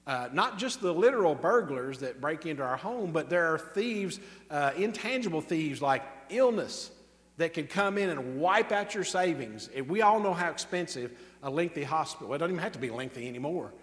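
A man preaching a sermon emphatically, drawing out key words slowly and tossing off quick asides. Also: on the high side, expressive, in a large hall. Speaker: pastor.

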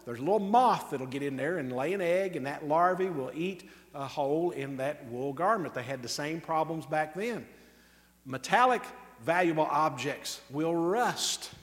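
A man preaching a sermon emphatically, drawing out key words slowly and tossing off quick asides. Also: fairly high pitch, lively intonation, big-room sound. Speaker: pastor.

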